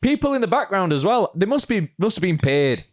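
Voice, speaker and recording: A laid-back man co-hosting a podcast, laughing along and adding his own comments. His pitch is a bit high and lively, and the sound is dry and close. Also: fairly quick, no room sound. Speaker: podcast co-host. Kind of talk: casual chat.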